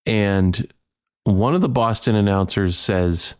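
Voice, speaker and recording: A man's voice: on the low side, expressive, normal speed. A man hosting a solo sports podcast, ranting heatedly and stumbling over repeated words. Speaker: podcast host.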